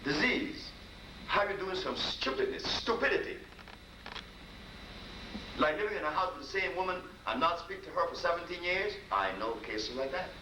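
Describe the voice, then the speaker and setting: A man's voice: high voice, lively intonation, normal speed. A man giving a storytelling lecture as a healer, folksy and repetitive, acting out dialogue. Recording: echoey room, distant mic, noisy.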